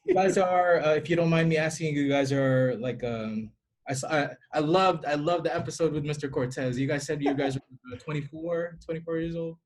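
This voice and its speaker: A man's voice: fairly high pitch, brisk. A man from the Philippines, a guest teacher talking earnestly and easily in a casual podcast chat, with many fillers.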